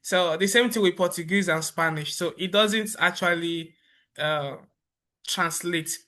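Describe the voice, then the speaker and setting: High bright-voiced man demoing software. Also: a little slow. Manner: relaxed explaining with frequent fillers and restarts. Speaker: software tutorial presenter. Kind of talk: screen-recorded software walkthrough. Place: voice-over for a screen recording.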